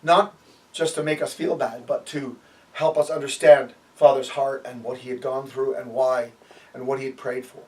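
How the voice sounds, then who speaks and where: A man's voice: mid-range voice, level tone, moderate pace, darkish tone, far from the mic. A man giving a sermon and telling stories, with frequent fillers and acted-out quotes. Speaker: preacher.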